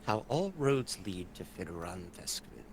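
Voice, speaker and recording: Brief: man voicing a quiet, scheming adventurer, low and measured. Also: very animated, a little hiss or hum, full character voice. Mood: musing.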